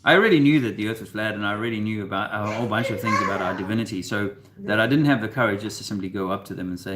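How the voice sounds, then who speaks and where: A man co-hosting a casual chat, rambling and halting, with many fillers and restarts. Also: fairly low pitch, noisy background. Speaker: co-host.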